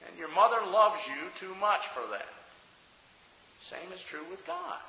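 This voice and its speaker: A man preaching a sermon to his congregation, his delivery swinging between loud emphatic peaks and hushed low passages. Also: big pitch swings, normal speed. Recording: echoey hall, dull sound.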